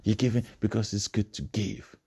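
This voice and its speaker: A man's voice: lowish voice, level tone, normal speed, vocal fry, warm tone, slightly rough. A man giving a preachy motivational speech, repeating phrases and building to emphatic bursts. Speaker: motivational speaker.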